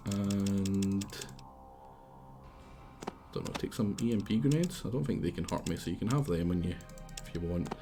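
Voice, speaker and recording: A man's voice: deep voice, moderate pace, pauses often, music in the background. A Scottish man streaming a game live, rambling casually, swearing freely and talking back at the game. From Scotland. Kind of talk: casual live gameplay commentary.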